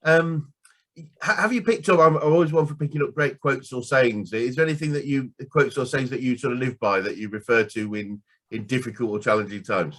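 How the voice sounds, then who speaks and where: A man with a Northern English accent hosts a business interview, voicing short affirmations and asking questions with halting restarts. His voice sits at an average male pitch. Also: a bit bright. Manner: affirming, hesitant phrasing.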